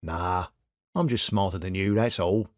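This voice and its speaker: A man voicing a shrewd, steady young male detective who talks bluntly and wryly. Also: low voice, unhurried, no echo, clean studio sound. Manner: blunt, wry and reassuring.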